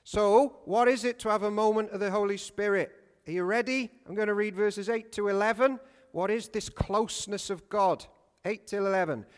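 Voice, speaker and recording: A man preaching a sermon, lively and humorous, often putting questions to his congregation. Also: high voice, normal speed, clear, resonant tone, in a large hall. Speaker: pastor. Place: church.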